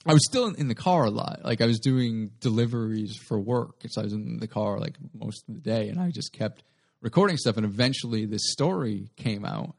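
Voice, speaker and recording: A man's voice: lowish voice, a little fast, gravelly, a little mellow. A young adult man, a guest comedian, telling a rambling story in a casual interview and often correcting himself mid-sentence.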